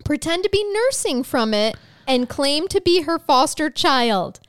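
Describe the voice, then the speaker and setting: Woman, podcast co-host, high voice, lively swinging pitch, casual chat, headset mic. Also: unhurried. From Irish descent, American. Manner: laughs often, reads folklore aloud with playful asides.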